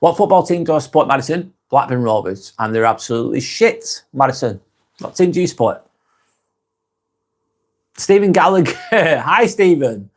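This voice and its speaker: A man's voice: on the high side, animated, normal speed. A man with a British accent hosting a casual live stream, reading out viewer comments and answering them bluntly, swearing freely and often laughing.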